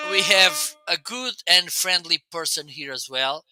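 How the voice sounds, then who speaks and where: A man's voice: fairly high pitch, measured pace, music in the background. A man with a slight Italian or Portuguese-sounding accent, hosting a live shopping stream in a chatty way and laughing often as he demos gear. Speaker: live shopping show host. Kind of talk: casual live-stream product demo.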